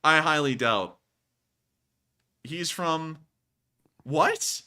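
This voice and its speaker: A man's voice: mid-range voice, quick pace. A man hosting a live stream, chatting casually and mocking online reviews with sarcasm. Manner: sarcastic, animated, mocking voices when reading. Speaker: host. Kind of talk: casual chat reading reviews and super chats.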